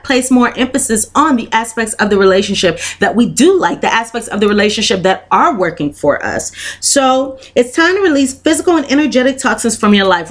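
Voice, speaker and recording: Casting note: woman reader, mid-pitched, earnest tarot guidance with repetitive, encouraging phrasing. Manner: earnest and encouraging, repeats phrases, many "you know" fillers. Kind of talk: spoken tarot reading.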